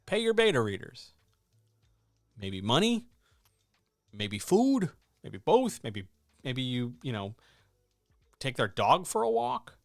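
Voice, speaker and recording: This male writing coach and editor has a gravelly mid-range voice with huge pitch swings, speaking slowly and pausing often. His casual, emphatic instructional talk leans on rhetorical questions, recorded dry in studio quality.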